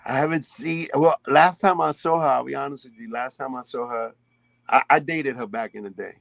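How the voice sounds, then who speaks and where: A man's voice: medium pitch, brisk, vocal fry, no echo. Guy from spanish harlem rambling thru stories on a podcast call, dry close sound, lots of restarts. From Spanish Harlem, New York. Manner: rambling, animated storyteller with many restarts. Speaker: guest. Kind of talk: casual podcast chat. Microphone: remote call.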